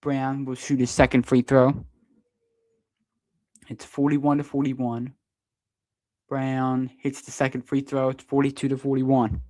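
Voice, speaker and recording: A man doing live fan play-by-play of a basketball game, partisan and quick to protest the referees' calls. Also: medium pitch, level tone, darkish tone. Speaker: sports streamer doing play-by-play.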